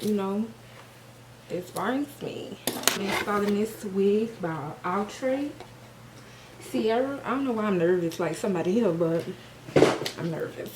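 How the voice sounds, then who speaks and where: A woman's voice: medium pitch, noisy background. A woman chatting casually to her viewers, talking to them as "y'all" with playful asides while she installs a wig. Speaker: beauty vlogger. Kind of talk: casual chat to camera during a wig install. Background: hip hop music.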